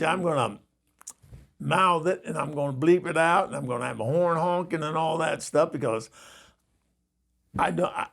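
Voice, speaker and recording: Gravelly older man spinning a yarn. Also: a little high. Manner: rambling, chuckling, confiding with listeners. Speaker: storyteller host. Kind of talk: comic anecdote telling.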